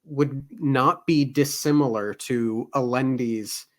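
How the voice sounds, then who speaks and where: A man's voice: medium pitch, slow pace. Dry-humored man discussing a book. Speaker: book club co-host.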